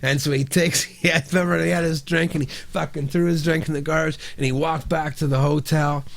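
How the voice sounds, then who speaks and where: A middle-aged Canadian songwriter telling a story as a podcast guest, rambling, restarting sentences and swearing freely. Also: male voice, fairly high pitch, little pitch movement, a little fast, vocal fry. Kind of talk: casual storytelling.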